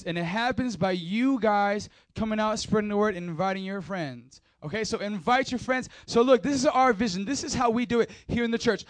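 A man's voice: high voice, dry recording. A man leading a church service as pastor, joking and playful, firing up the crowd into a mic. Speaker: youth pastor. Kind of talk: energetic church service talk. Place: church hall.

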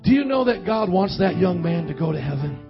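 A man with a high voice preaches a sermon, rising into impassioned calls and questions that ask the congregation to answer back. The audio is dull and lo-fi, with faint music underneath. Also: very animated, a little fast, creaky. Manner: impassioned preaching with call-and-response. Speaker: pastor. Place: church hall.

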